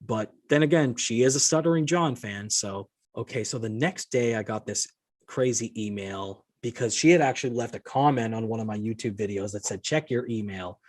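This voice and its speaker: A man's voice: mid-range voice, fairly quick, darkish tone. A man hosting his own podcast, ranting in an exasperated, indignant tone, swearing often and reading out messages he received. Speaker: podcast host. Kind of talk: solo podcast rant.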